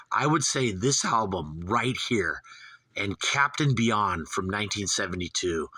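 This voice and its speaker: A man's voice: low voice, sharp tone, no room sound. A man in his fifties from Southern California, hosting a rambling, profane, gushing album review. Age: 50s. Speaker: host.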